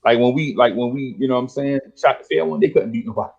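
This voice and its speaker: A man's voice: medium pitch, quick pace, vocal fry, breathy edge, highs cut off. A middle-aged man telling street stories in casual chat, full of slang and acting out the voices of old friends. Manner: streetwise slang, animated storytelling, acts out dialogue. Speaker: podcast host.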